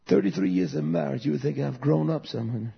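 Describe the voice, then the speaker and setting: A man in his fifties preaching a sermon, swinging between loud fervent passages and soft, intimate asides. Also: medium pitch, quick pace, creaky, breathy edge, lo-fi sound.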